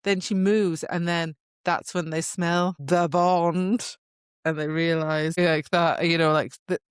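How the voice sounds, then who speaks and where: A woman's voice: on the low side, fairly even intonation, takes it slowly, clean tone, dry recording, studio quality. A woman co-hosting a casual book-club podcast, recapping the plot in a chatty way with quotes from the characters. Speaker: podcast co-host.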